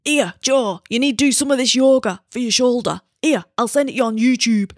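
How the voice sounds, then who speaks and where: A woman's voice: fairly high pitch, fairly quick, no room sound, studio quality, voice pushed up, close to an everyday voice. A woman briefly voicing her blunt, matter-of-fact male sports massage therapist. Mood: bossy.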